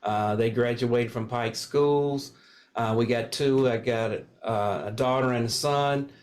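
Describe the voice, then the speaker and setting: Older pastor, earnest and steady. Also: male voice, medium pitch, measured pace. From Kentucky. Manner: earnest, steady, with frequent fillers. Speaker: pastor and candidate. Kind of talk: casual interview talk.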